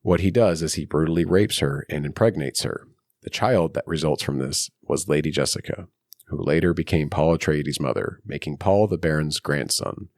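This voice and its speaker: Male podcast co-host, very low voice, dry close sound, chatty trivia reader who laughs easily. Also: moderate pace, a little mellow, no room sound. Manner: laughs often, reads trivia notes aloud. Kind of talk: casual film podcast chat.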